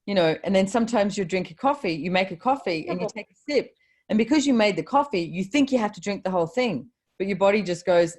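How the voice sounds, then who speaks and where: A woman's voice: medium pitch, expressive, fast, a little mellow. A woman hosting a live video call, giving a chatty motivational talk with casual swearing. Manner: chatty, swears casually, quotes her own thoughts.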